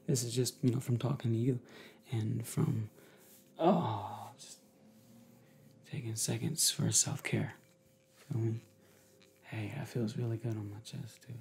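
A man chatting to viewers in a casual ASMR video, moving between soft talk and whispers, rambling, upbeat and affectionate. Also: medium pitch, vocal fry, breathy edge. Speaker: ASMR creator.

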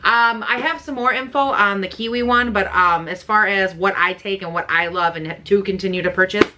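A young woman vlogging as she unboxes makeup, gushing and excitable, swearing freely. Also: medium pitch, moderate pace, noisy background. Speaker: beauty vlogger. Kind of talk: casual unboxing chat.

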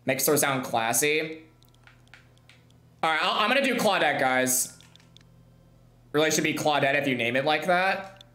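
A young woman streaming a game, chatting to her viewers, bubbly and laughing as she squeals with excitement. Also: sits low, a little slow, pauses often. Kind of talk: excited gameplay streaming chat. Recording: echoey room with music behind.

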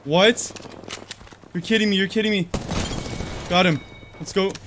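A young man streaming a shooter game, reacting loudly and excitedly as he plays, yelling at opponents. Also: sits high, a little slow, noisy background. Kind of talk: live gameplay commentary.

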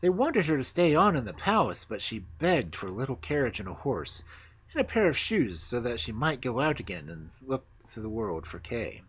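A storyteller reading fairy tales aloud for a livestream audience, with a voice that swoops widely from low to high. The tone is breathy rather than clean. Character voices break into the narration now and then. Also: sing-song, normal speed.

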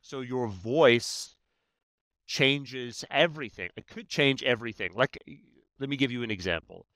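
Bright-voiced man explaining with emphasis. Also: mid-range voice, unhurried, no echo. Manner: emphatic, many "right?" tags. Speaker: negotiation expert guest. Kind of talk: conversational explaining.

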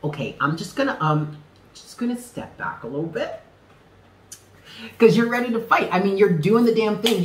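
A man's voice: on the high side, a bit bright. A man giving a casual tarot reading to his viewers, effusive and emphatic, swearing freely and laughing often. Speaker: tarot reader. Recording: echoey room with faint background noise.

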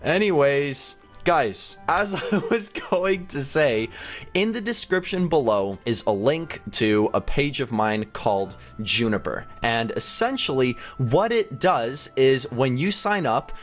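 A young man hosting a gaming channel, giving excitable, rambling gameplay commentary with frequent laughs and gasps. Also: medium pitch, slow, soft background music.

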